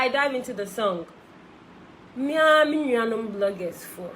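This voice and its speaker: A woman's voice: on the high side, lively intonation, normal speed, fairly bright tone, a little hiss or hum, poor audio. Chatty young Ghanaian woman on a live stream. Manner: switches between English and Twi, chatty and effusive. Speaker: singer on a live video. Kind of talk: casual live-stream chat.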